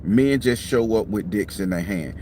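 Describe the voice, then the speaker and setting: This middle-aged tarot reader, who hosts a channel, chats casually and bluntly to camera from a parked car, yawning with fatigue and swearing freely. His voice is fairly low and dark at a normal speed, captured with a clip-on mic amid slight background noise.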